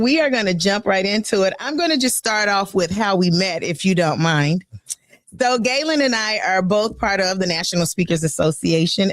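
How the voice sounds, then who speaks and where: A woman's voice: medium pitch, no echo, studio quality. A woman hosting a live radio talk show, chatty and playful, with a bubbly, upbeat way of talking. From Chicago. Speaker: radio host.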